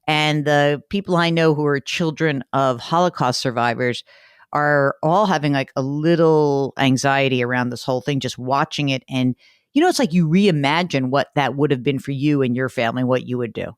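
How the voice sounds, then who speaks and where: A woman's voice: extremely low pitch, normal speed, clean tone, no echo, clean studio sound. A woman hosting a call-in money show, blunt and emphatic in casual talk. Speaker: radio money show host.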